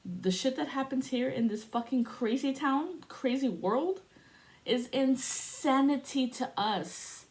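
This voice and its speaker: A woman in her forties from the United States, telling stories in a casual, profane, animated monologue as a spiritual vlogger. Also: high-pitched, takes it slowly. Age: 40s. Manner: profane, animated storytelling with laughs.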